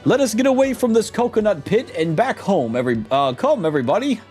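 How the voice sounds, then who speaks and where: A man's voice: high voice, sing-song, quick pace, darkish tone, faint music behind, voice pushed up. Man playing a raised, showy, self-important adventurer for a game dub. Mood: pompous. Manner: theatrical, self-praising. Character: pompous vain male adventurer. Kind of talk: fan voice acting of a game.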